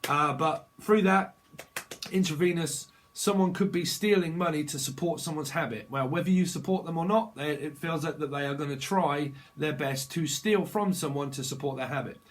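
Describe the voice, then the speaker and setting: A man giving a tarot reading, rambling quickly and bluntly with slang and swearing. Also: on the high side. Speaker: tarot reader. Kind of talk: channeled tarot reading monologue.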